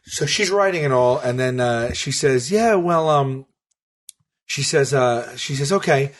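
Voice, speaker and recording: A man's voice: medium pitch, measured pace. A man co-hosting a podcast, telling a long story in casual chat and acting out both sides of a phone call. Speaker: podcast co-host.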